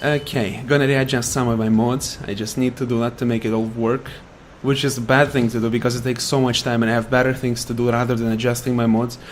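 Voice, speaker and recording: Man, gameplay commentary, sarcastic rants, mid pitch, faint background hum. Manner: ranting, sarcastic, taunts enemies. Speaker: gaming YouTuber.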